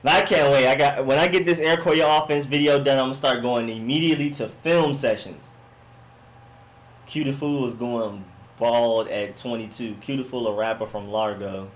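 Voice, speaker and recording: Here a mellow, laid-back man hosts a sports stream, casually chatting with viewers at a normal speed and an average middle pitch. He meanders through their comments in loose slang, repeatedly checking in with "you know what I'm saying".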